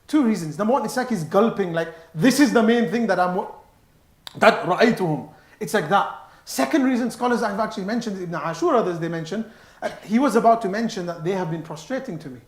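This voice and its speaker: A man giving a sermon in a mosque, animated and stressing his words, mixing in Arabic phrases. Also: sits high, fast talker. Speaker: mosque speaker. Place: mosque hall. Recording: echoey mosque hall.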